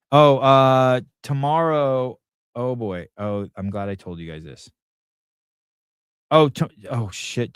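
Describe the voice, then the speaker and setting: A middle-aged man hosts a live call-in podcast and rambles through stories about his day. He swears freely and talks in a loose, casual way. His voice sits a little low, and the recording sounds close and dry. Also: clear, resonant tone, no echo. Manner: rambling, profane storytelling. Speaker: podcast host.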